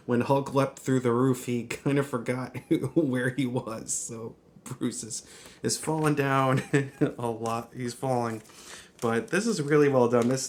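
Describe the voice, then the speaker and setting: A man chatting casually in a vlog, talking warmly, restarting his sentences and laughing often. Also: medium pitch, slight background noise. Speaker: comic book vlogger. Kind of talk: casual chat.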